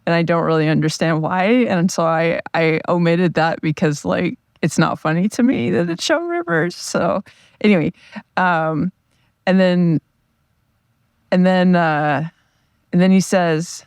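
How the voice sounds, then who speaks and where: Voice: mid-range voice, a little slow, smooth, dry recording. A solo podcast host chatting in a rambling, self-deprecating way, with a mid-range voice. The recording is dry and close, with no room sound. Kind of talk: casual solo podcast monologue.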